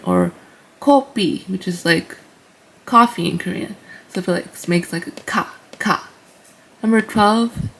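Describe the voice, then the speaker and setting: A woman casually teaching beginners, slow and patient, repeating each sound and using many fillers. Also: medium pitch. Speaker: language teacher. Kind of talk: casual tutorial.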